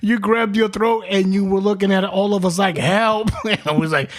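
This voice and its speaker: A man's voice: sits high, steady tone, fairly quick. A man hosting a podcast, telling a story in casual chat, laughing constantly, swearing, and repeating himself. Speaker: podcast host. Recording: faint background noise.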